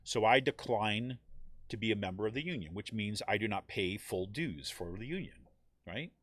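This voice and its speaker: A man's voice: animated, moderate pace, a bit bright, dry recording. A man hosting a live talk show, explaining union issues in a casual, conversational way and often checking in with "right?". He sometimes lifts his voice to act out what other people say. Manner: explanatory, keeps asking "right?"; acts out quoted voices with rising pitch. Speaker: podcast host.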